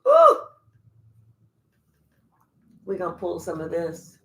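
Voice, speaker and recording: A woman's voice: a little high, measured pace, fairly bright tone, a little hiss or hum. A woman spiritual card reader giving a livestream reading to viewers, talking emphatically with lots of swearing and teasing.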